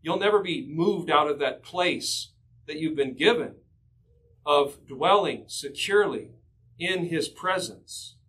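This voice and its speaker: Male pastor, higher voice, earnest and emphatic sermon delivery. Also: lively intonation, slow, a bit bright, a little hiss or hum, poor audio. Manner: earnest, emphatic teaching with scripture quotes.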